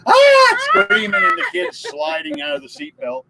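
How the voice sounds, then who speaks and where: A man's voice: very high voice, huge pitch swings, moderate pace, creaky, heavy background noise. Joking man hosting a live chat. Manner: jokey, storytelling, laughs at his own puns. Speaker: live stream host. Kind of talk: casual live stream chat.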